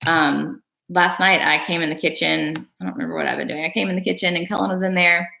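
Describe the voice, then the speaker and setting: Low-voiced woman chatting on a livestream. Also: steady tone, fast, creaky, bright, forceful tone. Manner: rambling, earnest, many fillers and restarts. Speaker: livestream vlogger. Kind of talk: casual livestream chat. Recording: roomy room echo.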